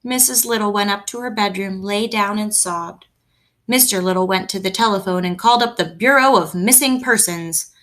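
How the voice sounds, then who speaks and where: Bright-voiced woman reading a children's story. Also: mid-range voice, moderate pace. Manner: gentle, expressive storytelling. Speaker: reader. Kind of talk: reading a children's book aloud. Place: at home.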